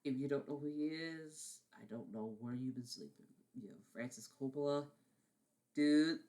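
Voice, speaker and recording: A mid-range, warm voice at a moderate pace belongs to a vlogger ranting casually about favorite films. The film-review vlog rambles, with repeated words, swearing and frequent apologies.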